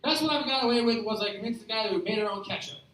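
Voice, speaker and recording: A man performs stand-up with a bright, pushing tone and a loose, profane, rambling delivery. He is picked up from some distance, so his voice rings around a very reverberant space. A faint hum of ambient noise sits under him. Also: sits high, very fast. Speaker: stand-up comedian. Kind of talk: stand-up storytelling. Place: live comedy show at a beer garden. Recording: echoey room picked up from a distance.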